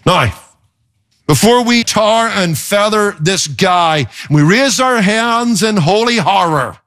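Expressive male pastor preaching. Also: takes it slowly. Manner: expressive, emphatic, swings pitch for effect. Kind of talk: sermon.

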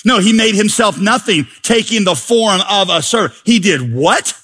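Bright-toned male preacher, high voice, playful sermon delivery with acted-out voices. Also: normal speed, breathy edge. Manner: animated, joking, acts out voices. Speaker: pastor.

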